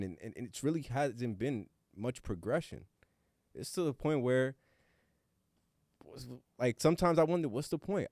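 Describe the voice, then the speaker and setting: Mid-range and a little mellow, the voice belongs to a podcast co-host, an adult with a young son. He speaks earnestly and reflectively at a casual roundtable, swearing casually on occasion, in clean studio sound without echo.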